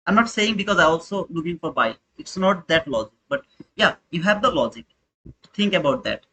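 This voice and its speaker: This young man hosts a live trading stream, chatting informally with his viewers and repeating his points. His voice is fairly high, bright, husky and forceful, delivered animatedly and a little fast, on a low-quality recording.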